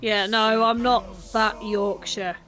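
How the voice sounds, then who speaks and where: A woman's voice: a little high, fairly even intonation, slow pace, fairly bright tone. A woman with a southern English accent chatting casually with friends over voice chat, laughing easily.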